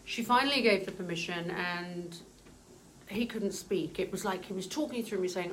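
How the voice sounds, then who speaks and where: A woman's voice: on the low side, normal speed, fairly bright tone, a little hiss or hum, poor audio. Brief: earnest woman medium, casual storytelling, hesitant and emotional. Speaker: spiritual medium.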